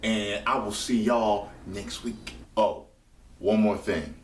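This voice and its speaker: A man reviewing a wrestling show live as he watches, profane and prone to loud excited outbursts. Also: lowish voice, takes it slowly, echoey room, recorded from a distance, a little hiss or hum. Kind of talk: live reaction commentary.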